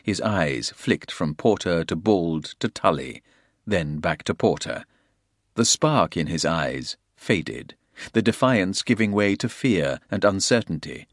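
A man's voice: deep voice, no room sound, clean studio sound. A man reading a violent thriller aloud in a dramatic storytelling voice. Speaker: audiobook narrator. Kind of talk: scripted thriller narration.

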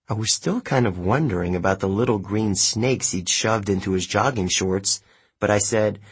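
Male narrator for an audiobook, low husky voice, measured delivery.

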